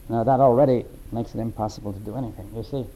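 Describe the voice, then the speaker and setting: A man in a philosophical discussion, talking haltingly and often checking in with "right?" and "you see". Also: medium pitch, steady tone, dark tone, slight background noise, low-quality recording. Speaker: discussion participant.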